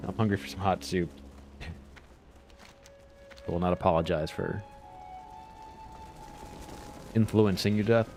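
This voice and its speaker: A man's voice: sits low, steady tone, moderate pace, gravelly, over music. A man chatting casually while streaming a game, rambling along and chuckling often. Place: home.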